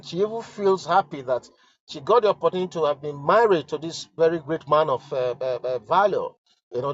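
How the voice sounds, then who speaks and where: A Nigerian man giving emotional, halting commentary while reading a letter aloud, stammering and sighing as he repeats himself. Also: on the high side, muffled recording. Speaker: online commentator.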